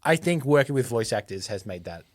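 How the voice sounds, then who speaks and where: A man's voice: mid-range voice, animated, brisk, darkish tone, no echo, clean studio sound. A man with an Australian accent co-hosting a podcast, talking in a chatty, jokey way and explaining things at length. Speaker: podcast co-host. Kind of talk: casual podcast chat.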